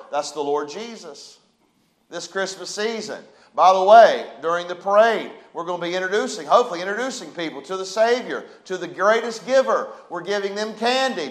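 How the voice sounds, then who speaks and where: A man's voice: high-pitched, rough recording. A man, a pastor preaching a sermon to his church, building emphasis and calling for responses. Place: church sanctuary.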